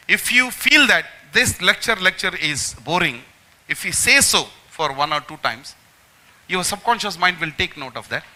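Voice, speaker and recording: A man lectures a room of students in an emphatic, motivational way. His voice sits fairly high and sounds very bright and forceful. He repeats phrases and speaks directly to his listeners. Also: low-quality recording. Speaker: magician giving a memory talk to students.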